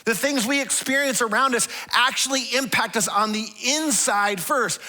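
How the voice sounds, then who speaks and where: A man preaching a sermon as a pastor. He talks conversationally, stumbling into restarts and repeated words, and animates his stories by acting out the quotes. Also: high-pitched. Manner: animated storytelling with acted-out quotes.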